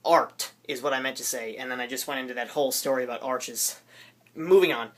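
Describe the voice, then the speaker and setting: A man's voice: mid-range voice, a little fast, fairly bright tone. A teenage boy rambling in a goofy, jokey way for his vlog, interrupting himself often. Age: teens. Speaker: vlogger. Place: his room.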